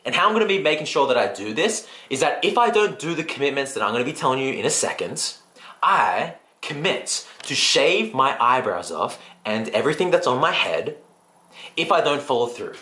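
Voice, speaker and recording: A man in a motivational vlog, speaking earnestly and directly to his viewers. His pitch rises and falls a lot as he tells his story. The room around him adds a clear echo. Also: sing-song, a little fast, pushed and bright. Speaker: personal development vlogger.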